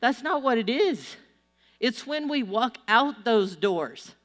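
A middle-aged woman preaching a sermon, telling stories with animated energy and urging her listeners on. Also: fairly high pitch, slow. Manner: animated storytelling, exhorting the audience. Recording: long hall reverb.

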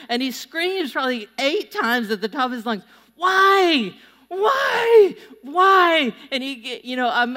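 Woman preaching in a reverberant hall. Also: medium pitch. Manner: storytelling, animated and conversational. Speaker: pastor. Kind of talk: sermon. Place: church auditorium before a large crowd. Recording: long reverb of a large hall.

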